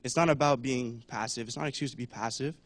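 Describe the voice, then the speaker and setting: A man's voice: mid-range voice, steady tone, fast, no room sound. A young man giving a casual talk at church, chatty, with many fillers, and acting out voices now and then. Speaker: church speaker.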